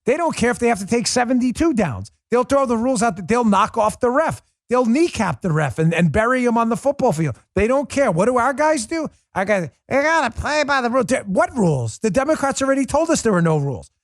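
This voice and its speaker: A man's voice: extremely high pitch, very animated, brisk, few pauses, dry recording, clean studio sound. A middle-aged man hosting a political commentary show, delivering a heated, scornful monologue full of insults and repetition.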